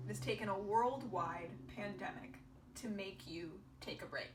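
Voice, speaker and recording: A woman's voice: medium pitch, unhurried. Encouraging woman tarot reader, distant and roomy. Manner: earnest and encouraging, with soft half-whispered asides. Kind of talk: pick-a-pile tarot reading to viewers. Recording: roomy, distant mic with faint background hiss.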